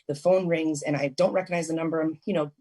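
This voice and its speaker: Husky-voiced woman telling a rambling story. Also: low-pitched, steady tone, fast talker, mellow. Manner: rambling, emotional storytelling with many restarts and fillers. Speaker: guest. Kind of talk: call-in radio interview, personal account.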